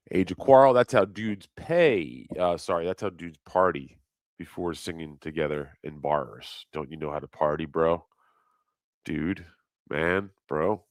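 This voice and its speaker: A man's voice: extremely low pitch, a bit bright, smooth, dry recording. A middle-aged man rambling crudely in a casual livestream chat, reading comments aloud and laughing at himself.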